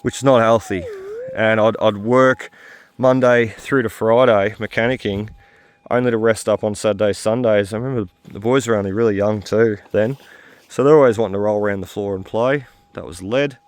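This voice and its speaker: A tired man hosting a metal detecting video, talking in a halting, rambling way full of fillers while he searches outdoors. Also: medium pitch. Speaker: metal detecting channel host. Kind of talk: rambling casual vlog talk while detecting.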